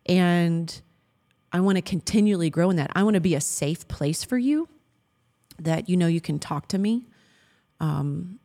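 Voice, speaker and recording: A woman's voice: low voice, warm tone. Earnest woman talking faith and marriage. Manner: earnest and affectionate, laughs often, quotes scripture. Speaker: co-host of a Christian marriage talk. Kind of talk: heartfelt faith-based chat.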